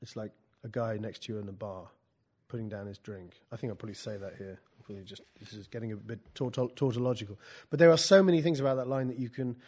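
A man teaching a poetry workshop, talking in a halting way with many restarts and dry asides, and reading passages from his own book. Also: on the low side, darkish tone.

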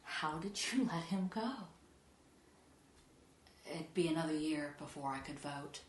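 A woman reading her own poetry aloud to an audience, measured and soft, often sinking to a hush. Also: low voice, slight background noise. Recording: echoey room.

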